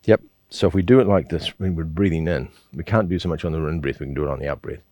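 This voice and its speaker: Very deep-voiced male qigong teacher. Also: quick pace, warm tone, no room sound. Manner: patient, repetitive coaching with frequent "yeah?" check-ins. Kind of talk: guided exercise instruction.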